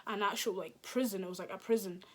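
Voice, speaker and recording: A woman's voice: mid-range voice, fast talker, a little hiss or hum. A woman, telling a casual storytime, acting out quotes and dropping into whispers. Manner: animated, acts out quotes, drops into whispers. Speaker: vlogger.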